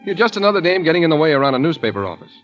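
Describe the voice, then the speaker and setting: An actor plays a cocky male reporter in an old radio drama who rattles his lines off at a fast clip, all wisecracks and bluster. The broadcast sounds dull and muffled, with faint music behind him. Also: a little high, big pitch swings. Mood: scornful. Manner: wisecracking, cocky, rapid patter. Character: brash, fast-talking male newspaper reporter. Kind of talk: 1940s radio acting.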